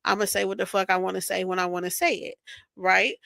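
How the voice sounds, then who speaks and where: A woman's voice: medium pitch, normal speed, creaky, bright, forceful tone, dry recording. A woman recapping an online argument in a casual, profane, sarcastic rant, often checking in with "right?". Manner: combative, sarcastic, swears constantly. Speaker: vlogger.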